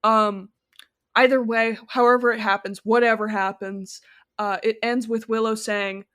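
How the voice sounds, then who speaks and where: Rambling higher-voiced woman podcaster. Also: little pitch movement, unhurried, fairly bright tone. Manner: rambling, self-correcting, many fillers. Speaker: podcast co-host. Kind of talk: casual podcast chat about a film.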